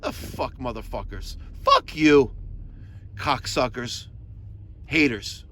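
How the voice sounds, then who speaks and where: A man's voice: mid-range voice, big pitch swings, takes it slowly, pushed and bright. A man, a heating technician from New York, ranting profanely while he drives to a service call, recorded in his car. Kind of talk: driving vlog rant. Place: in a car, driving.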